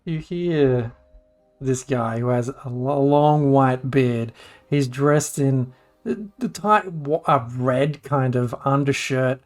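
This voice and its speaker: Australian man, game master, slow unhurried delivery, faint background music. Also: medium pitch. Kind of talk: narrating a tabletop game.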